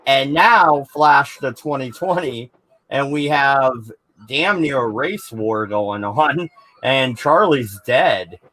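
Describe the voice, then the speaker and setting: Laid-back male co-host, slow pace, drawn-out storytelling with fillers. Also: mid-range voice, sharp tone. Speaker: podcast co-host. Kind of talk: casual talk show banter.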